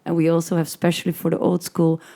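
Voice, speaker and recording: A woman from the Netherlands, a guest DJ, talking in a hoarse voice in a casual, enthusiastic interview chat. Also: low voice, completely flat delivery, fast, warm tone.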